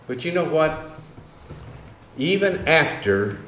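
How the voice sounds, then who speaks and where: A man teaching an evening Bible lesson, halting, with frequent fillers and self-corrections. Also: fairly high pitch, big pitch swings, fairly bright tone, a little hiss or hum. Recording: echoey room.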